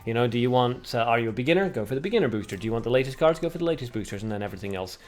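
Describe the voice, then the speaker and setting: A man's voice: medium pitch, animated, very fast. A young man hosting a casual gaming livestream at home on a desk mic. He chats with viewers, reads their comments aloud and laughs at his own puns. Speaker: livestream host.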